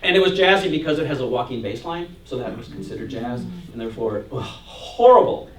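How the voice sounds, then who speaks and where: A man's voice: medium pitch, expressive, brisk, slight background noise. Jovial man lecturing in an echoey room. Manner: jovial and chatty, reads hymn verses aloud with laughs. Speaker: church music minister and organist. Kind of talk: informal lecture to a church adult class. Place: church meeting room. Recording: roomy echo, voice from far off the mic.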